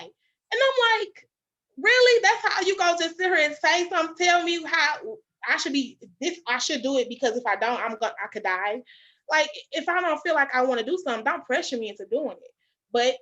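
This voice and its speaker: A young adult woman hosting a podcast, telling her own story in an animated, emphatic way and calling out to listeners directly. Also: mid-range voice. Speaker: podcast host. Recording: slightly dull lo-fi sound.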